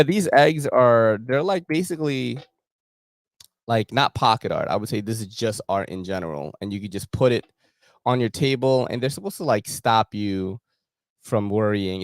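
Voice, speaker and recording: Young man, low voice, slangy, laughing, casual gear-show host, dry close sound. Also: creaky, darkish tone, dry recording. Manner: laid-back slangy banter, laughs often. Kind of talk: casual chat while browsing a website.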